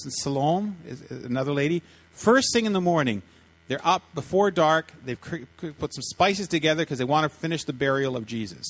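Lively preacher guy telling a story, voice bounces up and down, kinda high. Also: rough recording. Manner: animated, acts out voices in quotes, many restarts. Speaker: pastor. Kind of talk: storytelling sermon.

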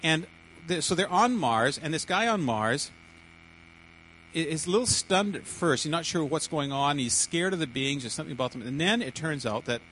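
A man's voice: on the high side, animated, normal speed, fairly bright tone, slight background noise, rough recording. A man preaching a sermon to a congregation, often stumbling, repeating words and restarting sentences.

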